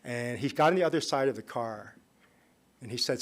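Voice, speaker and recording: A man speaking at a conference, telling a personal story in a relaxed, conversational way. His voice sits at an ordinary middle pitch. Now and then it drops to a quiet, confiding tone. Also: normal speed. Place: conference hall.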